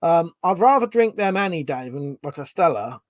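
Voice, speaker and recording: A man's voice: fairly high pitch, sing-song, normal speed, no echo, clean studio sound. A man, hosting a casual livestream, reading out viewer comments, swearing freely and laughing often. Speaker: livestream host.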